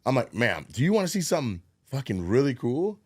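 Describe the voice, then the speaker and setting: A male podcast co-host with a medium-pitched, breathy-edged voice talks fairly quickly, recorded cleanly in a studio with no room sound. He tells a story in casual chat, animatedly acting out what people said and swearing plenty.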